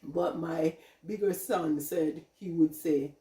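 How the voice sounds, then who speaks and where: A woman's voice: low-pitched, slow, warm tone. Chatty Jamaican woman in an echoey kitchen. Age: middle-aged. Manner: chatty, rambling, laughs often. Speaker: vlogger. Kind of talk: casual chat. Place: home kitchen. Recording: echoey room, mic at a distance.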